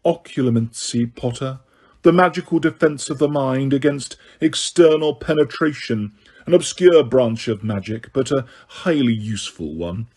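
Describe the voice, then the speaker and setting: A man voicing a cold, sneering male potions master who speaks quietly, slowly and waspishly. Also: mid-range voice, lively intonation. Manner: slow, quiet, silky and waspish.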